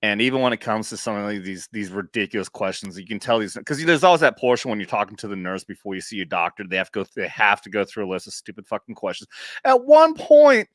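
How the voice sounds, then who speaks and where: A man co-hosting a veterans' podcast, chatting casually with frequent swearing and rambling, animated stories. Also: on the low side, fast talker, hardly any pauses, no echo, studio quality. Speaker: podcast co-host, military veteran. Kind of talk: casual profane chat. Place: central Missouri.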